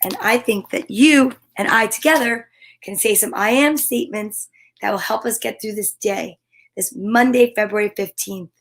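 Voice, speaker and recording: A woman hosting a children's story time, talking in an upbeat, gentle, affirming way. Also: medium pitch, normal speed, poor audio. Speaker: host reading children's books.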